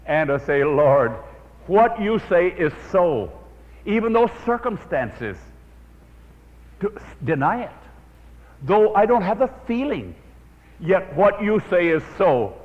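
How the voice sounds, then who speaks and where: A man preaching a sermon to an audience in a hall, telling stories in an animated way and praying aloud. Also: high voice, slow, pauses often. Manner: animated storyteller, prays aloud. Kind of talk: evangelistic sermon with storytelling. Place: church or meeting hall with an audience. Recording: dull old recording in a reverberant hall.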